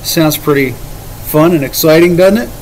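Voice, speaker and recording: A man's voice: fairly high pitch, unhurried, slight background noise, rough recording. A man leading a casual Bible study, paraphrasing scripture in everyday words with emphatic, conversational delivery.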